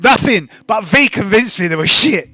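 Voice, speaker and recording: A man's voice: sits high, expressive, normal speed, pushed and bright, dry recording, soft background music, pitched above the performer's own voice, full character voice. A man doing a hyper babbling young woman. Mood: boastful. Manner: babbling nonstop, rough slangy speech. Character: hyper excitable scrappy young woman mechanic.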